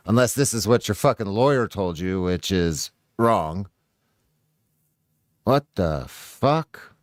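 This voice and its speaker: A man's voice: medium pitch, sing-song, slow pace, long pauses, no echo, studio quality. A man reacting to a clip in casual commentary, profane, sarcastic and combative.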